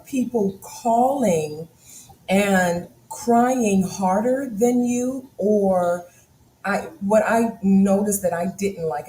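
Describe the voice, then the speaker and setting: Laughing woman telling stories, echoey room. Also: mid-range voice. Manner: animated storytelling with frequent laughter. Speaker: co-host. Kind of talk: casual chat. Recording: echoey room with faint noise.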